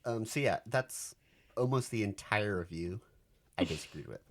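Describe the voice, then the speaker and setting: A man's voice: lowish voice, expressive, normal speed, a little hiss or hum. A man co-hosting a haunt podcast in casual, joking chat. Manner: joking, laid-back. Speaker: podcast co-host.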